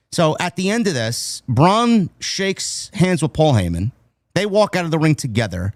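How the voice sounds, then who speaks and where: A man with a New York accent recaps wrestling in an easygoing, rambling way, dropping into quick quotes of what people said. His voice sits on the higher side. The recording is close and dry. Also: expressive, no room sound. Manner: recounts events loosely, quoting wrestlers in quick asides. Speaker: podcast host. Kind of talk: casual wrestling recap chat.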